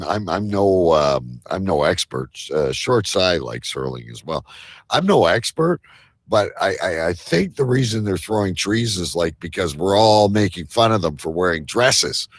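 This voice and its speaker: Gravelly low-voiced man, rambling and joking. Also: no room sound, clean studio sound. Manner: rambling, joking, swears casually. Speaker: co-host. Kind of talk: casual live-stream chat.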